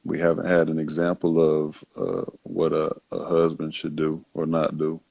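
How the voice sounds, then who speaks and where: Deep, gravelly man, halting. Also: completely flat delivery, a little mellow, no room sound, dull audio. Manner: halting, full of fillers and restarts. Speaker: host. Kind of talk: casual reflective talk.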